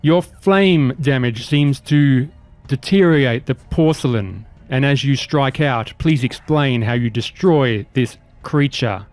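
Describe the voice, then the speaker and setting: Man, game master, mid-pitched voice, calm rulings, plain narration. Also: takes it slowly, hardly any pauses, faint music behind. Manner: calm, matter-of-fact rulings. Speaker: dungeon master.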